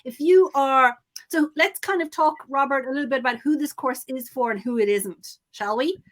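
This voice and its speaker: Woman pitching an online course, peppy and kinda high voiced. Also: moderate pace. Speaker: guest and course co-creator. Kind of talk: upbeat promotional chat in a live interview.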